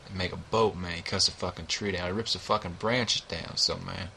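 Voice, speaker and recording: A man's voice: deep voice, fairly even intonation, a little fast, gravelly, noisy background. A man giving a rambling, profane book review, peppering nearly every line with "you know what I mean.".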